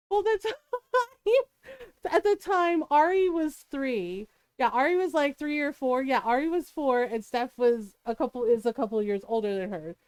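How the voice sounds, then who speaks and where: A woman's voice: high-pitched, a little slow, a little mellow, dry recording, clean studio sound. A middle-aged woman streamer telling a family story in casual chat. She laughs often as she talks and acts out the people she quotes.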